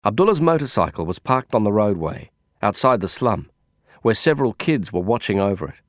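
A man narrating a first-person audiobook in a wry, descriptive, expressive way. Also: fairly low pitch, fairly quick, dry recording, studio quality.

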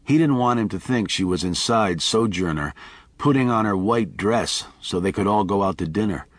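A man narrating an audiobook in a measured, expressive reading. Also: lowish voice, no room sound.

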